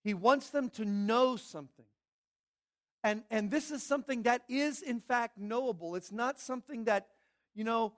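A man's voice: very high voice, moderate pace, a bit bright. A man preaching a Sunday morning sermon as pastor, emphatic, repeating phrases and asking the congregation questions.

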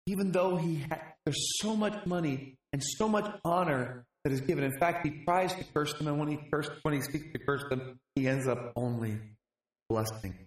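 A male preacher delivers a sermon in a fairly high voice, retelling a scripture story with animated storytelling and dramatic pauses. His voice carries the ring of an echoey room.

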